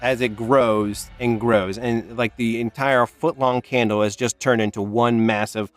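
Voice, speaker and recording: A man's voice: medium pitch, steady tone, no echo. A man narrating a tabletop game as dungeon master, often restarting and filling with "like". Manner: halting narration with restarts and fillers.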